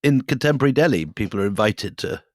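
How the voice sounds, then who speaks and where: A man's voice: lowish voice, expressive, fast, no room sound, clean studio sound. A man co-hosting a history podcast, explaining events in an amused way and chuckling between points. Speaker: podcast co-host.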